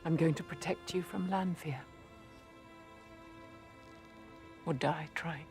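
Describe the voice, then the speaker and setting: An actress playing a composed female sorceress mentor who speaks in measured, clipped, frank lines over faint score. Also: sits low, a little mellow, faint music behind. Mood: resolute.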